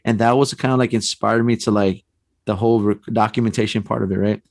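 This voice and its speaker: A man telling a personal ghost story on a podcast, animated and acting out the voices in his tale. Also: fairly low pitch, brisk, gravelly, no echo. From San Antonio, Texas. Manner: animated storyteller, acts out quotes, frequent restarts and "man". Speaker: paranormal investigator guest.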